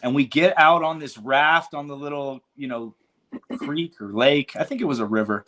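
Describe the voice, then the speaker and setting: A relaxed man in his forties, from California, spins long stories as a podcast guest. He talks loosely in slang, swears casually and fills pauses with ums, at an ordinary mid pitch. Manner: laid-back, slangy, swears freely, many ums. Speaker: podcast guest, cannabis business founder. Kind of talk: casual storytelling interview.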